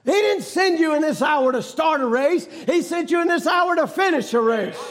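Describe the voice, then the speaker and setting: A man preaching a fiery sermon, shouting emphatically and hammering home repeated rhetorical questions. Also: extremely high pitch, lively intonation, normal speed.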